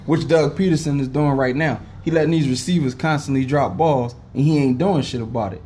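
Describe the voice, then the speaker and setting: A man's voice: medium pitch, steady tone, a little fast, hardly any pauses, warm tone, a little hiss or hum. A young man, ranting to camera as a sports fan, profane and heated, with a headache, often saying "know what I'm saying". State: has a headache. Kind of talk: casual rant to camera.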